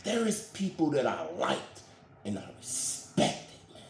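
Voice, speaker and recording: Man, casual spiritual commentator, slangy and animated, lively pitch, roomy echo. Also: a little slow, background noise.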